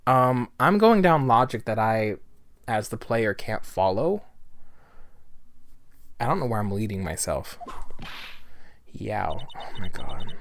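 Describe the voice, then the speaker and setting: A let's-play gamer commenting casually over a game, sarcastic and full of jokes. The voice is animated, with wide swings of pitch. A faint hiss runs under it. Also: slow, long pauses. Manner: sarcastic, joking, swears casually.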